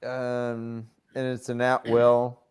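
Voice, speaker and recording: A man's voice: mid-range voice, completely flat delivery, takes it slowly, darkish tone, clean tone. A man playing a tabletop role-playing game, chatting casually and asking about rules with an easygoing manner. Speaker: player.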